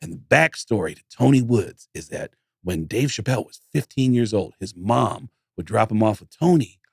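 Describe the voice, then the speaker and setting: Comedian guest, male, energetic storyteller who mimics people, dry close mic. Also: lowish voice, normal speed, vocal fry, slightly rough, no room sound. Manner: animated storyteller who acts out voices. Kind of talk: casual storytelling chat.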